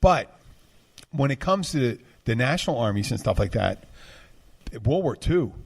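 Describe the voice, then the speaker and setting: A man hosts a casual podcast chat. He talks in a rambling, digressive way, at a mid pitch. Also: very animated, moderate pace, gravelly, a little mellow. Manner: rambling, digressive, full of restarts. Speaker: podcast host.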